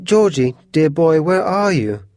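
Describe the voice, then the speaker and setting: A man's voice: medium pitch, big pitch swings, measured pace, a little mellow, no echo, pitched above the performer's own voice. Man voicing a fussy genteel mother, prim, exclamatory, dry sound. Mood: alarmed.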